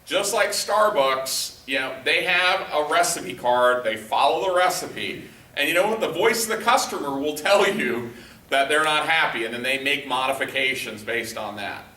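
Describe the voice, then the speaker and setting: A leadership trainer gives a conversational workshop lecture to a live group, often quizzing the room and leaning on lots of fillers. His voice is a little high and sharp in tone, animated and at normal speed, picked up from a distance in an echoey room.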